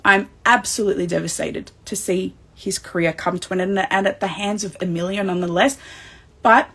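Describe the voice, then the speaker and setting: A woman with an Australian accent hosting a wrestling recap livestream, excitable and emotional as she speaks straight to the fans. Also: medium pitch, a little fast, slightly rough.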